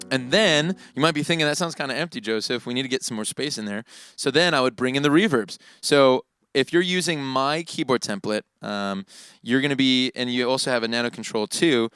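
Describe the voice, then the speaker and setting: A man teaching worship keyboard in a relaxed, casual way, often tagging his points with "right?". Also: mid-range voice, smooth. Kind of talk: casual instructional talk. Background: keyboard playing.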